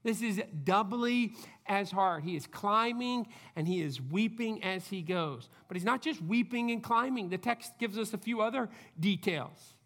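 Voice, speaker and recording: A male pastor delivers a sermon in a high, light voice. He talks earnestly and conversationally. A long echo rings out around him in a large church. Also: measured pace, fairly bright tone. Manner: earnest, conversational preaching with frequent "I mean".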